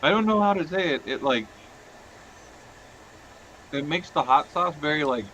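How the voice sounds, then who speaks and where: A man hosts a relaxed livestream among friends, his voice swinging up and down as he laughs through asides. There is a faint hiss of background noise under his voice. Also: on the high side, poor audio. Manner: laughing, animated, quick asides. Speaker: stream host. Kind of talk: casual livestream chat.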